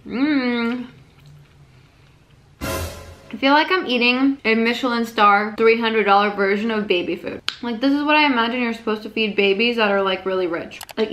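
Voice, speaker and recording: A woman's voice: on the high side, a bit bright. A young woman talking casually through her vlog, joking and poking fun at herself as she cooks and tastes food. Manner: jokey, self-mocking, chatty. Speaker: vlogger. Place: home kitchen.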